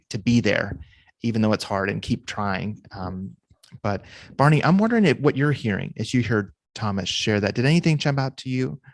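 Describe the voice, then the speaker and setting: A man's voice: fairly low pitch, no echo. A man co-hosting a podcast, speaking in a thoughtful, reflective way. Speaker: podcast co-host. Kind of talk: casual interview talk.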